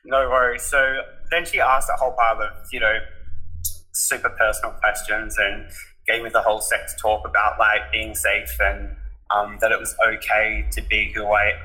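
A man's voice: fairly low pitch, flat delivery, normal speed, pushed and bright, poor audio. A man, a podcast guest, candidly retelling a personal story, emotional and open, with many fillers. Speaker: interview guest.

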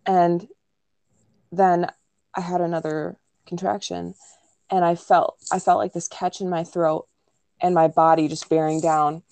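A young woman with a lowish voice tells a personal story in a relaxed, conversational way. She leans on "like" and "um" and sometimes acts out quoted lines. The sound is close and dry, with no room around it. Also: measured pace, no room sound. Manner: chatty, many "like" and "um" fillers, acts out quoted lines. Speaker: podcast co-host telling her birth story.

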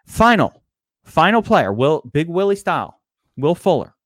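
Animated, ranting fantasy football podcast man. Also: fairly high pitch, moderate pace, no echo, clean studio sound. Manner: animated, ranting, swears freely. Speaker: podcast co-host. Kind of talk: casual sports podcast debate.

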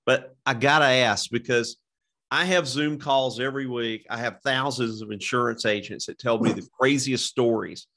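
A middle-aged man hosting a casual interview, talking haltingly with many restarts and "you know"s. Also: medium pitch, sharp tone. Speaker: podcast host.

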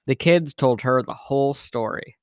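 A man reading a children's picture book aloud in plain, steady narration. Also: medium pitch, normal speed, clean tone, no echo, clean studio sound. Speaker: storyteller.

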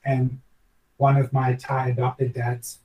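A man's voice: medium pitch, completely flat delivery, takes it slowly, a little mellow, far from the mic, rough recording. A former chef, a man, telling a long personal story in a podcast interview, reflective and earnest, rambling with many restarts.

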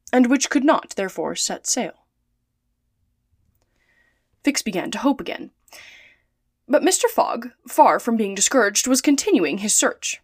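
Woman reading a story out loud, calm and steady, kinda high voice. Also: dry recording, studio quality. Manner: calm, measured narration. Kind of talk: storybook read-aloud.

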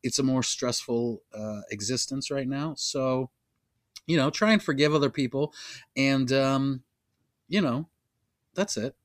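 A man's voice: mid-range voice, unhurried, long pauses, dry recording, studio quality. A man co-hosting a comedy podcast, joking and self-mocking as he rambles through casual chat. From United States. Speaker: podcast co-host.

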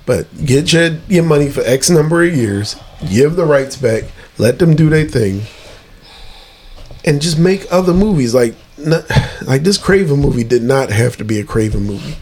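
A man's voice: medium pitch, moderate pace, slightly rough. A man co-hosting a podcast, talking casually and animatedly about movies. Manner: animated, explains at length, laughs often. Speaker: podcast co-host. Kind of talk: casual chat.

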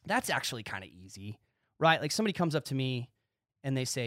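A man hosting his own podcast, talking excitedly in a casual monologue and acting out quick bits of dialogue. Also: mid-range voice, dry recording, studio quality. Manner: excitable, animated, talks with his hands in quoted dialogue. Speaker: podcast host.

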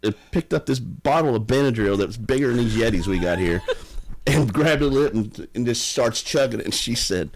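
A man casually telling stories, animated and often laughing. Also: mid-range voice, brisk. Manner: animated, laughing, drawling storyteller. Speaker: podcast guest. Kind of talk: casual storytelling.

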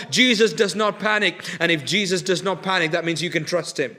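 A man preaching a sermon, swinging from loud urgent pleading to hushed, low intensity with lots of repetition. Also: brisk, few pauses.

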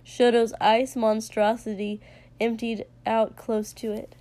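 A woman's voice: a little high, level tone, takes it slowly, dark tone. Woman reading a story aloud. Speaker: narrator. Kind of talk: reading fan fiction aloud.

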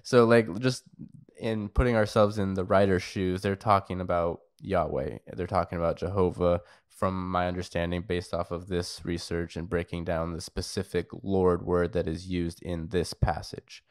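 A man's voice: deep voice, flat delivery, normal speed, clear, resonant tone, no echo, clean studio sound. A man in a casual Bible study discussion, thinking aloud and hesitating often with fillers as he shares what he looked up.

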